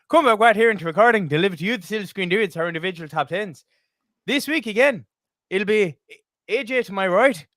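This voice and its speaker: A podcast host putting on a deliberately overdone Irish accent as a joke, delivering an introduction theatrically. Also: male voice, sits high, fairly bright tone, no echo, studio quality. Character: jokey man in an exaggerated Irish accent.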